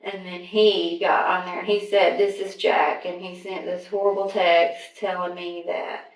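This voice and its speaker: Halting woman in a distant, roomy recording. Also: lowish voice, level tone. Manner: soft-spoken, halting, trailing off. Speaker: interviewee questioned by detective. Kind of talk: recorded police interview. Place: interrogation room. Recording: roomy interrogation room audio from a distance.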